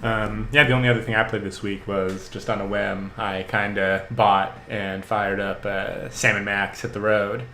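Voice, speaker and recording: A man co-hosting a podcast in casual chat, relaxed and rambling, with many fillers. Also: on the low side, normal speed, hardly any pauses, echoey room, a little hiss or hum. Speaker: podcast co-host.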